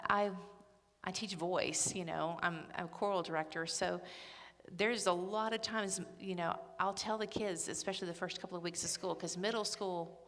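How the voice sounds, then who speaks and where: A woman's voice: lowish voice, a bit bright. Chatty middle-aged woman in a reverberant hall. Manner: chatty, humorous, emphatic. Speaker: ladies day speaker. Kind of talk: church talk. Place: church hall. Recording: echoey hall with long reverb.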